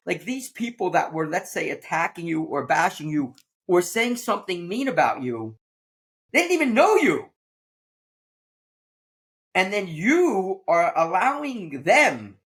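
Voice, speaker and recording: A man's voice: high-pitched, fairly bright tone. A man hosting a podcast, a teacher who talks in a blunt, plain-spoken way during casual conversation. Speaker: podcast host.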